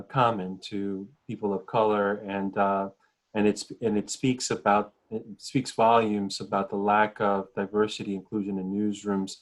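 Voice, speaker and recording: A man from the New York metropolitan area, speaking as a journalist guest in a video call panel, measured, often repeating words as he starts a point. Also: lowish voice.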